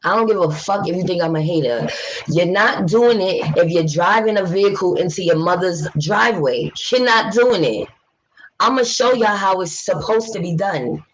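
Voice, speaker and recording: A woman's voice: fairly low pitch, normal speed, low-quality recording. A woman from New City, talking bluntly and passionately to her livestream viewers and swearing freely. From New York City. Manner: talks straight to viewers, reads chat aloud. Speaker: livestream host. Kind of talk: casual livestream chat.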